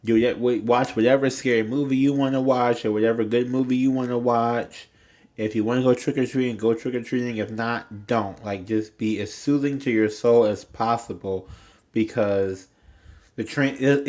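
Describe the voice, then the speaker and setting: This livestream tarot reader has a medium-pitched, somewhat mellow voice. He rambles casually and repetitively with little stumbles, his throat catching so he sounds a bit choked.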